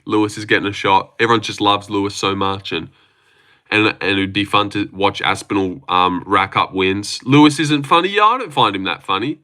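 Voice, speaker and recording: A man's voice: fairly low pitch, expressive, normal speed, bright, forceful tone. A man chatting casually on a livestream, rambling, swearing freely and reading out chat messages. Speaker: livestream host.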